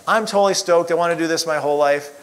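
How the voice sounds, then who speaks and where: A middle-aged chiropractor shares a casual personal testimony, rambling along with lots of "you know" fillers. His fairly high voice is fast, clear, and resonant, though the recording is rough.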